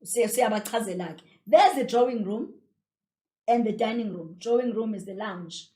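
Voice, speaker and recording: A woman teacher with a South African accent, explaining a story in a revision lesson in an animated way and repeating phrases for emphasis. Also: mid-range voice, normal speed. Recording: roomy echo.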